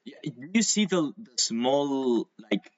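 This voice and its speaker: A man whose first language is Spanish teaches English over a video call. He explains patiently with examples and drawn-out pronunciation. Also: medium pitch, big pitch swings, lo-fi sound. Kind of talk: online English lesson.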